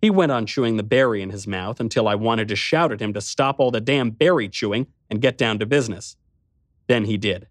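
A man's voice: lowish voice, fairly quick, no room sound, studio quality. A man reading a first-person story aloud in a wry, sardonic manner. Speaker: narrator. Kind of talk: first-person audiobook narration.

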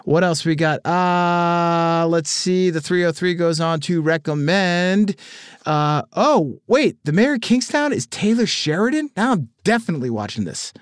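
A man's voice: high voice, expressive, unhurried, smooth, no echo. A man hosting a podcast, casually reading listener texts aloud with dry, swearing asides. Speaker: podcast host. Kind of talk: casual listener-mail segment.

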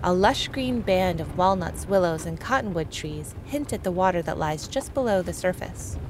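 A woman radio reporter narrating a news feature in a calm, measured, descriptive way. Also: fairly low pitch, background noise. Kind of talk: scripted news narration and field interview.

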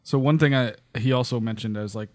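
Fast-talking rambling podcast co-host man. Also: mid-range voice. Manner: rambling, filler-heavy, laughs along. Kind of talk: casual chat.

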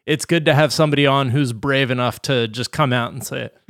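A male podcast co-host with a smooth, resonant voice at a middle pitch chats casually and explains loosely, with frequent fillers. The sound is dry and close. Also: a little fast, a bit bright, no echo.

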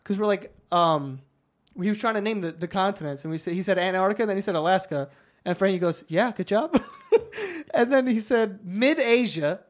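A man's voice: high voice, fairly quick. A man hosting a podcast, telling funny stories with lots of laughter and swearing. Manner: excited, laughing, profane storytelling. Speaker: podcast host. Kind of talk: casual chat, storytelling.

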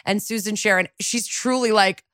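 Recorded in a clean studio with no room sound, a woman co-hosts a podcast and recaps a TV episode fast and casually. She uses lots of fillers and voices the characters' lines, her mid-range tone fairly bright.

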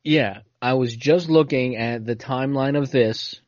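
A man with an average-pitched voice chats casually, laying out his point in a loose, easygoing way. The recording is dull and dry. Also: unhurried, dry recording. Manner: relaxed, conversational, explains at length. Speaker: podcast co-host. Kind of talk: casual chat.

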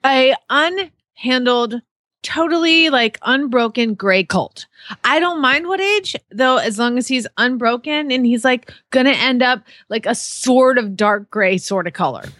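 A woman's voice: on the high side, animated, measured pace, a bit bright, no room sound. A woman voicing a ditzy American teenage girl, drawling "like" and "totally" valley-girl style. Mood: airheaded.

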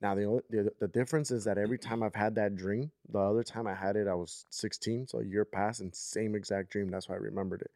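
Low-voiced rambling male storyteller. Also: fast talker, few pauses, no room sound, studio quality. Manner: rambling, animated storyteller with many fillers. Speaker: podcast host. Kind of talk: casual storytelling chat.

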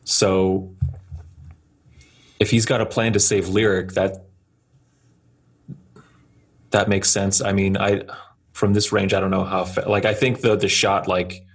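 Husky, low-voiced man playing a tabletop game. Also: little pitch movement, unhurried, pauses often. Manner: hesitant, thinking aloud. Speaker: player. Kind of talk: casual tabletop play.

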